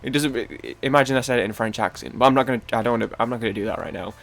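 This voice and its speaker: He talks very fast in a gravelly, slightly bright mid-range voice. A young gaming YouTuber with a Manchester accent, he rambles loosely while playing a game, swears, interrupts himself, and trails off in the middle of stories.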